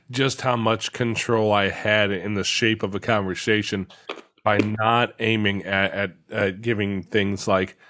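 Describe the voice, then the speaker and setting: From his home office, a podcast host conducts a conversational interview in a lowish, steady, unhurried voice with a slightly bright tone. He speaks reflectively, telling stories and repeating words as he thinks. The sound is clean studio quality with no echo.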